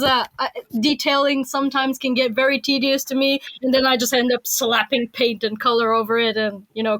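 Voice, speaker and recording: A woman from Bulgaria speaks English with a Bulgarian accent as a podcast guest, wry and self-deprecating, often breaking into laughter. Her voice sits high, and the recording is dry and close. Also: a bit bright, no echo, poor audio. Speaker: podcast guest, digital artist. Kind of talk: casual podcast chat.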